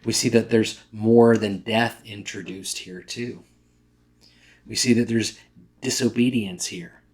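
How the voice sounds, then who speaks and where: A pastor preaching a sermon in a conversational way, sometimes correcting himself mid-word and acting out quoted lines. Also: male voice, fairly low pitch, steady tone, slow pace, darkish tone.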